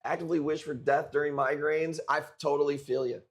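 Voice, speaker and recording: A man's voice: on the high side, fairly even intonation, a little fast. A man in his forties chatting casually on a live stream as a coral seller, laid-back and profane, calling people dude and bro. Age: 40s.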